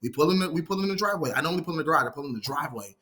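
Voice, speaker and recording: A man's voice: on the high side, racing. A man in his thirties, a guest in a casual interview, telling a story with energy and acting out what others said. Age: 30s. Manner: animated, acts out quoted dialogue, frequent "you feel me". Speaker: guest, former assistant.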